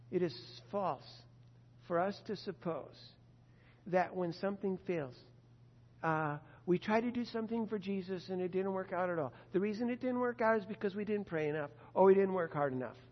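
High-voiced man preaching in an echoey hall. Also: moderate pace, dull audio. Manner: earnest, conversational, asks the listeners direct questions. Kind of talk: sermon.

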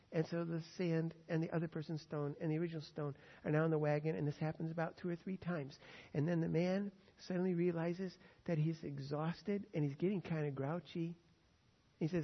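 A man's voice: fairly high pitch, moderate pace, creaky. A man preaching a sermon who tells stories and acts out the quotes, recorded with dull, echoing sound in a church hall. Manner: storytelling, animated, acts out quotes.

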